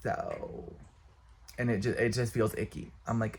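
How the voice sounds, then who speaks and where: Exasperated young man ranting, low voice. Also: fairly even intonation, slight background noise. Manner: exasperated, blunt, profane, talks with quick bursts. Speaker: vlogger. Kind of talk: casual rant to camera.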